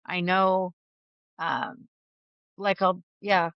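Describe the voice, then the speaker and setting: A woman's voice: fairly low pitch, flat delivery, very slow, gravelly, clear, resonant tone, no room sound, lo-fi sound. A woman guest talking openly in an interview, chatty, laughing often and restarting her sentences. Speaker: podcast guest. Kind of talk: candid conversational interview.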